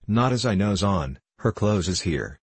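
Male reader voicing a nervous, chatty Irish cook woman in a storybook; deep, husky, dry. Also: sing-song, unhurried, dry recording, full character voice. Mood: flustered. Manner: rambling, pleading, emotional.

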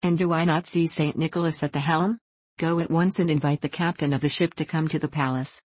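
A woman's voice: low-pitched, fairly even intonation, brisk, a little mellow, slightly rough, dry recording. A woman reading aloud voices an astonished, regal old king in a fairy tale.

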